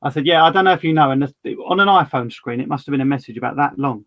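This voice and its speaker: A man's voice: fairly high pitch, rapid-fire, muffled recording. A man hosting a podcast, chatting casually and telling stories full of quoted dialogue. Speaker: podcast host.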